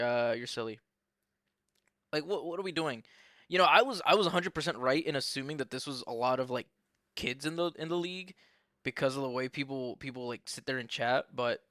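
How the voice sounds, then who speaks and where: A man's voice: medium pitch, lively intonation, moderate pace, pauses often, a bit bright, dry recording, clean studio sound. A young man giving casual, profane, joking commentary on a sim race while bantering with his live chat.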